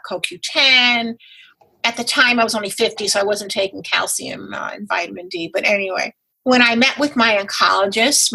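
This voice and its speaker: Bright, husky woman telling a lively story. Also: rough recording. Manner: animated, acts out quoted dialogue with big pitch jumps. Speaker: guest, patient advocate. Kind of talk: casual interview storytelling.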